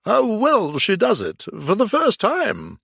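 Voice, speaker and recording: A jovial, kindly gentleman motorist, as a man acts him out, loud and warm-hearted, with a lively, bouncing pitch. The reading is slow and unhurried, recorded close and dry. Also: no room sound, exaggerated voice. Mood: hearty.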